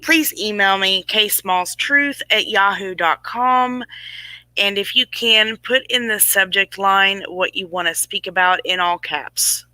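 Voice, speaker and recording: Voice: medium pitch, a little slow, bright, forceful tone, dry recording, poor audio. Emphatic rambling livestream host in their forties. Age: 40s. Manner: rambling and emphatic, answers chat comments. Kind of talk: casual livestream talk to viewers.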